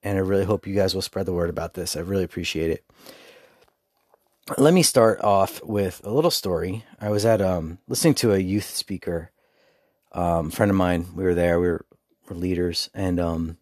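A man's voice: low voice, moderate pace, a little mellow, no echo, clean studio sound. A man hosting his own podcast, talking candidly and informally in a casual solo monologue. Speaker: podcast host.

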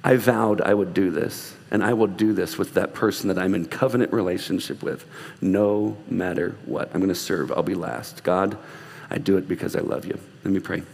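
A man's voice: deep voice, moderate pace, vocal fry, darkish tone, breathy edge, in a large hall. Earnest male pastor preaching, joking asides. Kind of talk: sermon and closing prayer. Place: church sanctuary.

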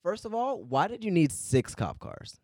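A man in casual chat who tells stories in an animated way and swears a lot. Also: high-pitched, moderate pace, no room sound, clean studio sound.

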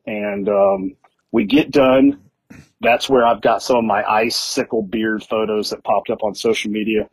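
A middle-aged man telling lively stories as a podcast guest, acting out other people's voices as he goes. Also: lowish voice, breathy edge, dry recording, rough recording. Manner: animated storyteller, acts out voices in his stories. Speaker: guest hunter. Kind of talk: casual storytelling.

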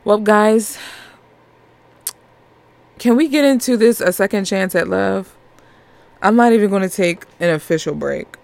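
A woman's voice: medium pitch, unhurried, vocal fry, pauses often, a little mellow. A woman hosting a podcast, chatting casually and animatedly as she reviews a movie, laughing often. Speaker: podcast host.

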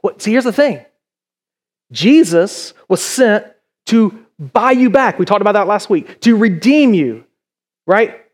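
A man's voice: high voice, animated, moderate pace, darkish tone. A middle-aged male pastor preaching a conversational sermon in a church, full of rhetorical questions.

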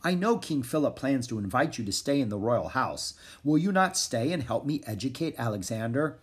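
A man voicing a wise old philosopher who speaks softly and in a measured way. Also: mid-range voice, lively intonation, breathy edge. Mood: gentle. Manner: soft-spoken and measured.

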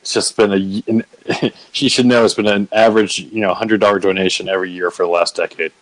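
A male podcast host rambling through a casual recap with plenty of swearing and self-mockery. His voice is fairly low. The sound is close and dry. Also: fairly even intonation, brisk, dry recording, low-quality recording. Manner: profane, self-mocking, rambling with restarts.

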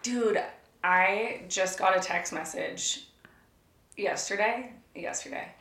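A woman's voice: medium pitch, takes it slowly, fairly bright tone, reverberant. A young woman chatting casually and telling a story, laughing and swearing a lot. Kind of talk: casual chat.

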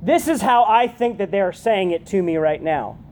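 Mellow woman preaching casually. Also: mid-range voice, expressive, normal speed, a little hiss or hum. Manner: chatty, keeps asking "right?". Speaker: youth pastor. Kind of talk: conversational youth sermon.

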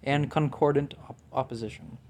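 A man's voice: mid-range voice, fairly even intonation, moderate pace, a little mellow, a little hiss or hum. A young man co-hosting a casual podcast chat, jokey and loose, laughing often. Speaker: podcast co-host.

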